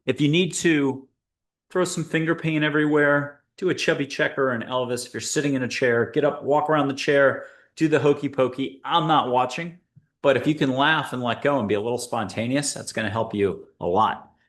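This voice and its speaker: A man hosts a guided spiritual talk, speaking straight to his listeners. He keeps the tone playful and upbeat, slipping in jokes and quick asides. His voice sits at an ordinary middle pitch for a man. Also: steady tone, fairly bright tone. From United States. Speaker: host and angel intuitive.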